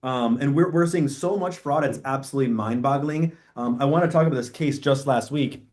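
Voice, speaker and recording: A man teaching a real estate training session in an animated, storytelling way. His voice sits at a middle pitch, and he often slips into short acted-out quotes. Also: a little fast. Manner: animated, acts out quoted dialogue. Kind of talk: training talk.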